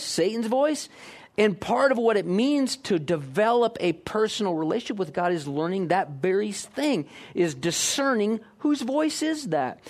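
Higher-voiced guy preaching, punchy and emphatic, keeps asking questions. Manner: emphatic, repeated rhetorical questions. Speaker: pastor. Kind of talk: sermon.

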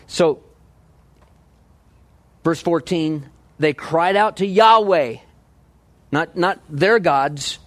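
A man preaching a verse-by-verse sermon in a conversational, animated way, often asking his listeners questions. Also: fairly high pitch, extremely slow, long pauses, no room sound. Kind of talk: expository sermon.

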